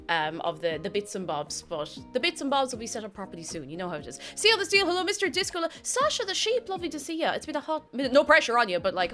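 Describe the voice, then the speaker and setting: A young Irish woman chatting casually on a live stream, greeting viewers by name and reading their messages aloud with plenty of laughter. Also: fairly high pitch. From Ireland. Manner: chatty, animated, laughs often, reads chat names aloud. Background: faint music.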